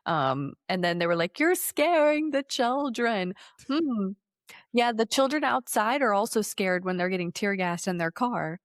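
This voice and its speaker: A woman co-hosting a podcast in casual chat, animated and laughing, often acting out what others said. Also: fairly low pitch, normal speed, hardly any pauses, no room sound, clean studio sound. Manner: animated, laughing, acts out quotes. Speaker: podcast co-host.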